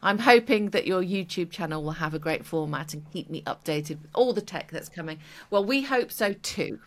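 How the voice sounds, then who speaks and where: A woman's voice: lowish voice, lively intonation, moderate pace. A woman co-hosting a tech podcast, chatting upbeat and reading listener comments. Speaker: podcast co-host.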